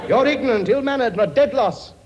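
A man's voice: very high voice, muffled recording, exaggerated voice. A man playing a blustering king who bosses his many children, talking brashly and cracking jokes in a studio comedy sketch. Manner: brash, bossy, wisecracking. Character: blustering cockney-style king, bossy father of many. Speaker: comic actor playing a king.

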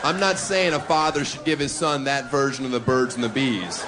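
A man's voice: a little high, expressive, normal speed, hardly any pauses. A man performing a stand-up comedy set on a club stage, brash and provocative, mocking his audience. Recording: live club with crowd laughter and noise.

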